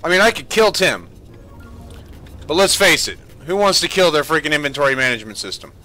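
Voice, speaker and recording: A man commentating his own gameplay in a bright, forceful voice that swings up and down a lot. He rants in exasperation and swears freely, with faint music playing behind him. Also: fairly high pitch, expressive, a little fast. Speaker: gaming streamer.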